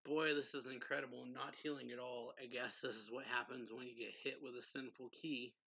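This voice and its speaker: A wounded, scheming vampire lord, read casually by a man. The voice is gravelly and bright and sits a touch louder than plain talk, in a dry room. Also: mid-range voice, level tone, brisk, no echo, rough recording. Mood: strained. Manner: casual reading of quoted lines.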